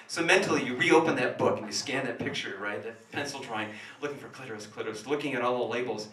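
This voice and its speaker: A man tells a stand-up story with an animated delivery, dropping into near-whispers and then bursting out loud. His voice is bright and forceful. He is recorded from a distance in a small café, and the sound is roomy. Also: medium pitch, fast, few pauses. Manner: animated storytelling, switching between hushed asides and sudden loud outbursts. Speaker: comedian. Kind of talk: stand-up comedy monologue.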